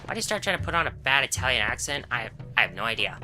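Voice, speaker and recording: A woman's voice: a bass voice, big pitch swings, rapid-fire. A woman giving casual, rambling gameplay commentary, full of asides and fillers. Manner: chatty, rambling, frequent "uh" and "anyway". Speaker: game commentator. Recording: game music behind voice.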